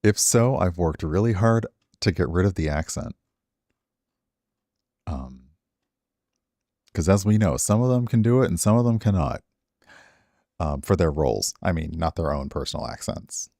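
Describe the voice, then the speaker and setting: Deep-voiced middle-aged man chatting on stream. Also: lively intonation, moderate pace, long pauses, mellow, no room sound, studio quality. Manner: rambling, self-deprecating, chatting to viewers. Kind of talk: casual stream chat.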